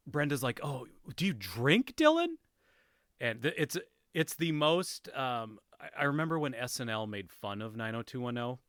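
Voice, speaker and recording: A man with a bright, forward voice chats through a television recap on his podcast. He rambles and amuses himself, stacking fillers and false starts. The sound is close and dry, with no room around it. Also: medium pitch, clear, resonant tone, no room sound. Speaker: podcast host. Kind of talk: casual episode recap chat.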